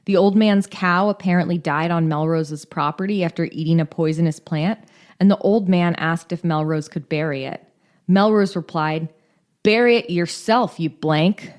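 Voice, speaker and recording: A woman's voice: fairly low pitch, steady tone, moderate pace, darkish tone. A woman co-hosting a podcast, reading case details in a casual true-crime storytelling style with joking, irreverent asides. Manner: reads case notes with joking asides and profanity. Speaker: podcast co-host.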